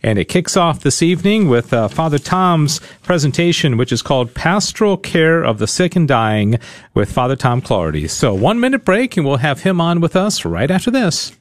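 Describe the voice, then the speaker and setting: A man's voice: a little high, very animated, moderate pace, dry recording. A man hosting a live radio talk show, joking with his co-hosts and speaking with frequent fillers into a studio microphone.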